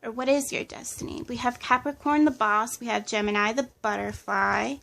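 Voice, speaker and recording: A woman's voice: fairly high pitch, normal speed, gravelly, fairly bright tone. A woman giving a pick-a-card tarot reading in a casual, hesitant way, listing impressions with many fillers. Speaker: tarot reader.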